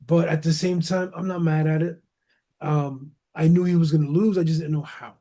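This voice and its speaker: A man co-hosting a casual wrestling podcast, talking in an animated, slangy way and calling his co-host "bro" and "man". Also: fairly high pitch, moderate pace.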